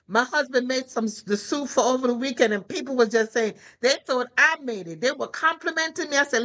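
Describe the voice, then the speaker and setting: Woman minister preaching, high bright voice, lots of "right?" questions. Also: fairly quick, few pauses, rough recording. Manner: lively exhortation, rhetorical questions. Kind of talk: preaching to a prayer call.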